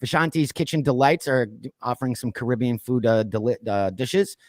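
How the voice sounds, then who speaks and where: A man's voice: medium pitch, expressive, a little fast, no room sound, clean studio sound. A man hosting a casual pop culture podcast, chatting loosely and reading off lists with plenty of fillers. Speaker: podcast host. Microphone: streamed call mic.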